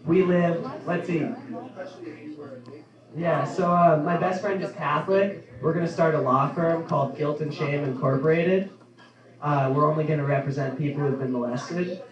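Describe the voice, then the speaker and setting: Young guy doing stand-up, lots of ums, sounds kinda far off in a roomy club. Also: a little high. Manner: offhand, halting delivery with many ums. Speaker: stand-up comedian. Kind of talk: stand-up comedy set. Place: comedy club. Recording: echoey club from a distance.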